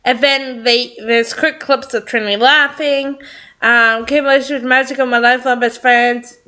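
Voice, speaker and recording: A woman's voice: a little high, fairly even intonation, normal speed, pushed and bright. Gushing, teary woman. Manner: gushing and tearful, laughing often. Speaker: fan reading and reacting to a script. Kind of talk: excited reaction vlog, reading a script aloud.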